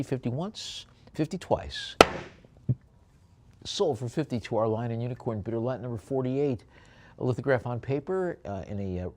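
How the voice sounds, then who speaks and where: A man with a mid-range voice and a dark tone serves as auctioneer in an auction room. He calls out bids and describes artwork lots, filling the space between calls with chatty jokes.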